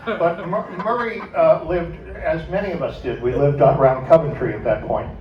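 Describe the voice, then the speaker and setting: An older man tells a lively story on stage, laughing as he goes, his voice a touch high. The sound is dull and boomy, caught from across a club with faint ambient noise. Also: moderate pace. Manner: animated, laughs through his anecdote. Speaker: former radio station staffer. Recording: echoey, dull, from far off.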